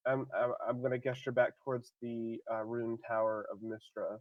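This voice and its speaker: A man speaks as a player in a tabletop role-playing game, his talk full of hesitant restarts. His voice sits at an ordinary pitch, and the recording sounds dull, lo-fi and dry. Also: flat delivery, moderate pace, no echo.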